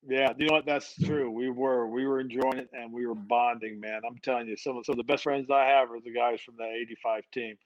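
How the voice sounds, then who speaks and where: A man's voice: mid-range voice, fairly quick, few pauses, dry recording, lo-fi sound. A middle-aged man, a football head coach guesting on a podcast, telling stories in a chatty way and often repeating his opening words. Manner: repeats words when starting sentences, animated when telling stories. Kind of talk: conversational storytelling.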